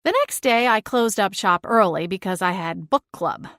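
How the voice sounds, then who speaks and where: A woman's voice: medium pitch, expressive, moderate pace, a bit bright, no room sound, clean studio sound. A woman narrating a cozy first-person audiobook, reading expressively and acting out exasperated dialogue.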